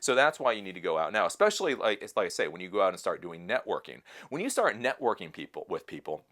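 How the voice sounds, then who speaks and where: A man in his late thirties hosting a casual advice talk, speaking animatedly and mimicking other people in high put-on voices. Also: big pitch swings, quick pace, few pauses, a bit bright. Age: 30s. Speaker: host.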